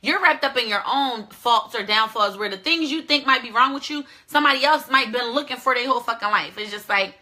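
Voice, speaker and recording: A woman's voice: fairly high pitch, brisk, few pauses, sharp tone. A woman hosting her own show, giving blunt, profane dating advice in a casual monologue. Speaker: show host.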